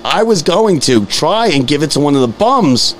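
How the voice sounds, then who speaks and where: A man's voice: a little high, moderate pace, noisy background. A man, hosting a casual sports podcast and telling long stories, repeating words and acting out the people in them. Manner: animated storyteller, repeats words, acts out quoted voices. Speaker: podcast host. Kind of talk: casual storytelling chat.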